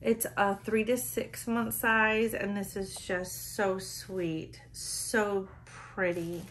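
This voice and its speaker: A woman hosting a doll-collecting vlog, opening a gift box, gushing and emotional, close to tears, with sighs and soft laughs between words. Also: medium pitch, little pitch movement, slow pace, slight background noise. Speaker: reborn doll channel host.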